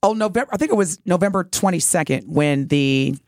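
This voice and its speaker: A woman's voice: on the low side, animated, a little fast, darkish tone, dry recording, clean studio sound. A woman co-hosting a radio talk show, telling a story in an earnest, heartfelt way. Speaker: radio co-host.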